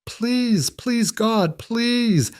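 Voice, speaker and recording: A man's voice: low voice, normal speed, mellow, no echo, clean studio sound. A man voicing a young mother who pleads tearfully for her daughter. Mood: desperate screaming.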